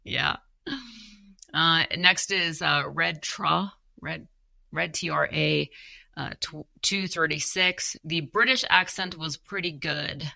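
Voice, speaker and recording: A young woman co-hosts a podcast in a chatty, self-deprecating way, laughing as she goes. Her voice is heavily gravelly with a bright edge. She sounds tired, and the recording is dry and close. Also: sits low, steady tone, slow pace, no room sound. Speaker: podcast co-host. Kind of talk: casual chat reading viewer comments.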